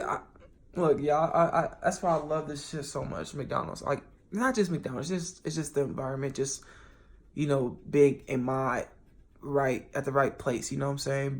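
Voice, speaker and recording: A man in a casual, rambling monologue, talking straight to his viewers, swearing freely and restarting often, with sudden jumps in loudness. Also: medium pitch. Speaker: vlogger.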